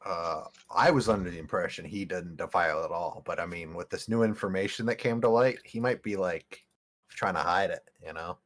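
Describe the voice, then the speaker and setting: Deep-voiced, laid-back man at the game table. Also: fairly quick, a bit bright. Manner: laid-back, hesitant with fillers. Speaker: player. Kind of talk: casual tabletop role-play.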